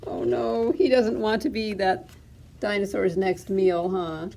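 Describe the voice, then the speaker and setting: A woman librarian reading a picture book aloud at children's storytime, expressive and asking little questions. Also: medium pitch, unhurried, gravelly.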